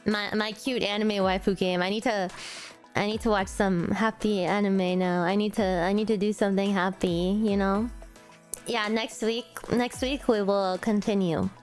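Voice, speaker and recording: A woman's voice: mid-range voice, steady tone, moderate pace, a little mellow, soft background music. A young woman streaming a game and reading its story aloud, chatting in an emotional, effusive way and repeating herself often. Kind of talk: casual live-stream chat.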